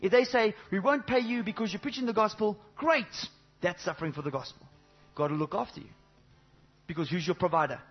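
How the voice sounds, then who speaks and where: A man preaching a sermon to a congregation, animated, swinging between loud exclamations and low intimate asides, with many rhetorical questions. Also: a little fast, breathy edge, lo-fi sound, soft background music. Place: church service before a congregation.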